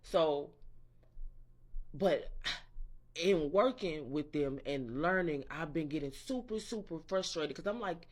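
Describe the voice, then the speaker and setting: A man's voice: on the high side, expressive, slow, pauses often. A man in a casual morning-rant vlog, rambling and profane and interrupting himself as he talks. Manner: quotes imagined people in a raised voice. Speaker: vlogger.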